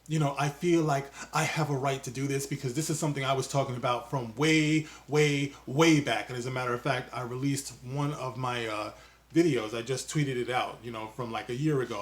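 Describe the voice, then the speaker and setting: A man hosting his own video commentary channel, talking in a loose, mocking way with quick asides and jokes. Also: mid-range voice, steady tone. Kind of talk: casual opinion monologue.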